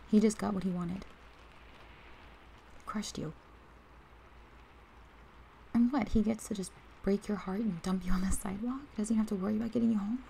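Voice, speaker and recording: Whispered role-play: woman playing a protective best friend, warm fry-edged voice, faint hiss. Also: medium pitch, fairly even intonation, moderate pace, long pauses, natural voice, low-quality recording. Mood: angry, protective. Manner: heated then tender, talks straight to the listener. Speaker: ASMR role-play performer.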